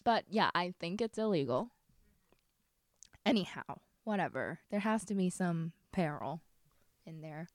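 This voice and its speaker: A young woman talks through a book plot as co-host of a casual podcast. Her voice sits a little low, and she bursts into animated, jokey asides. The sound is dry and close, with no room around it. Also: a little slow, long pauses, dry recording. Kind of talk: casual chat about a book.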